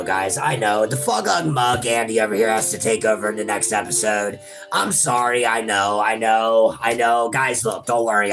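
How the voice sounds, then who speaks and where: A man's voice: medium pitch, a bit bright. A man hosting a casual gaming session, joking around, swearing and calling everyone bro and buddy. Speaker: gaming channel host. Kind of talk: casual let's-play banter. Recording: music playing behind the voice. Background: game music.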